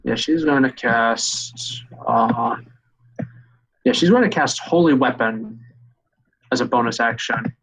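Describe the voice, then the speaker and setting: A man running a tabletop game as game master, thinking aloud with hesitant pauses. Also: mid-range voice, fairly bright tone, a little hiss or hum, low-quality recording.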